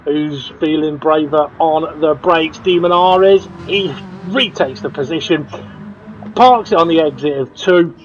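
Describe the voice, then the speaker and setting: A man commentating a sim race, excitable, laughing often and jumping up at crashes. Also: on the high side, a little slow. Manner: excitable, laughs often, rises sharply at incidents. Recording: dull lo-fi audio with clear background noise.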